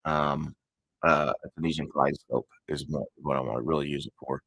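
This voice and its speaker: Gravelly low-voiced man chatting casually. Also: fairly even intonation, a little fast, fairly bright tone, dry recording, poor audio. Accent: Texan. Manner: rambling, self-correcting, chatty. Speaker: crochet channel host. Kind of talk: casual chat to viewers.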